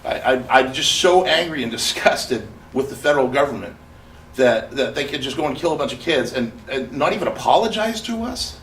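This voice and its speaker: A man's voice: medium pitch, expressive, brisk, fairly bright tone. Impassioned man telling his story. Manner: impassioned, rambling storytelling with restarts. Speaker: survivor speaking at a memorial gathering. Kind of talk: personal testimony speech. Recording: echoey room, speaker far from mic, faint noise.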